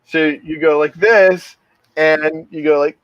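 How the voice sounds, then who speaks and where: Man, middle-aged, podcast co-host, slightly high voice, rambling anecdotes, muffled dry recording. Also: fairly even intonation, takes it slowly, no room sound. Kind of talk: casual storytelling chat.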